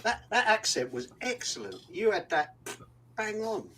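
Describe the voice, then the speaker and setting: A man's voice: high-pitched, very animated, measured pace, a bit bright, distant mic, slight background noise, low-quality recording. A man teasing friends playfully in casual chat.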